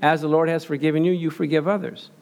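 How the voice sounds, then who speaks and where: An older man with a slightly high, gravelly voice preaches in an easygoing, storytelling manner. He slips into the voices of the people in his stories as he talks. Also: steady tone, fast, a little mellow. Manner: conversational storytelling, acts out quotes. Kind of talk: sermon.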